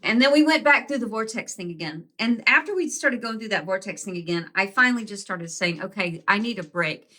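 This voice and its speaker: Bright-voiced woman telling a candid story. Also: medium pitch, animated, brisk, hardly any pauses. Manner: candid and conversational, swears casually; reenacts her own quoted words. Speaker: vlogger. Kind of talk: personal storytelling to camera.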